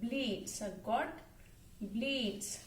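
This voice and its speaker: A woman's voice: a little high, very slow, a little hiss or hum. A woman teacher giving a lesson, who spells words out letter by letter and imitates the animal sounds. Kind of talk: online class lesson.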